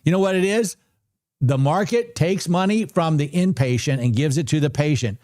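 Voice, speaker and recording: Excitable man hosting a live stream. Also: a little high, moderate pace, no echo, studio quality. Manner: excitable, talks to viewers and chat; chatty, repeats numbers aloud. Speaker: livestream trading host. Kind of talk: casual live-stream commentary.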